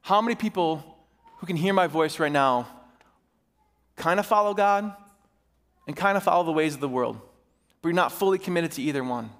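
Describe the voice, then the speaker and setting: Male pastor, high voice, impassioned sermon, reverberant sanctuary. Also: a bit bright. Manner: impassioned, swings between urgent and slow, emphatic delivery. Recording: reverberant hall.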